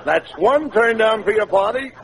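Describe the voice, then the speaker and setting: A man as an exasperated straight man in an old radio comedy, scolding in a gravelly voice that swings up and down. Hiss hangs over the old broadcast transcription. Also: high-pitched, expressive, moderate pace, a loud crowd. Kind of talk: 1940s radio comedy acting.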